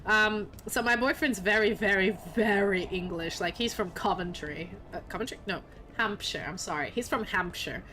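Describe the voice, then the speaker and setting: A woman's voice: mid-range voice, normal speed, sharp tone. A young woman streaming a video game, chatting casually in a playful, joking way and swearing freely. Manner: playful, swearing, laughing often. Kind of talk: casual gaming commentary.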